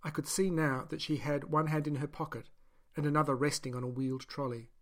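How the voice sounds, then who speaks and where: A male audiobook narrator reading a first-person story. His voice sits a bit higher than most men's, and his delivery is steady and measured.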